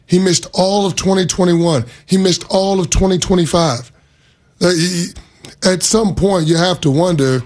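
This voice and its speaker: A man co-hosting a sports radio show who lays out his arguments in a measured, reasoned way. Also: high voice, a little mellow.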